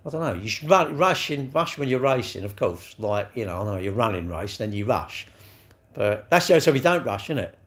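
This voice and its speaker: A man's voice: medium pitch, expressive, brisk. Chatty sweary man in his sixties. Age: 60s. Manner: chatty, blunt and sweary, calls viewers mate. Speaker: livestream host. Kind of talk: casual chat reading live comments.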